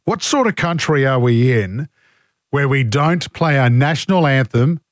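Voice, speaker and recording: A man's voice: medium pitch, lively intonation, unhurried, dry recording, studio quality. A man with an Australian accent hosting talkback radio, reading listener texts and giving blunt, indignant opinions while fighting a cold. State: has a cold. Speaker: talk radio host. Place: radio studio.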